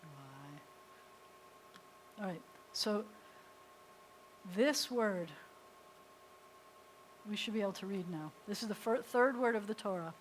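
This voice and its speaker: Teaching beginners Hebrew in a synagogue classroom, a woman rabbi from the United States sounds out letters and walks through each step patiently in this live class. She speaks at a measured pace with frequent pauses in a mid-range voice, captured on a low-quality recording with slight hiss or hum.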